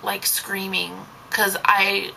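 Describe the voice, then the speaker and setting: A woman's voice: medium pitch, little pitch movement, takes it slowly, vocal fry, sharp tone, a little hiss or hum, rough recording. A young woman, a babysitter, telling a story in a casual vlog, rambling and saying "like" constantly. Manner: rambling, heavy use of "like".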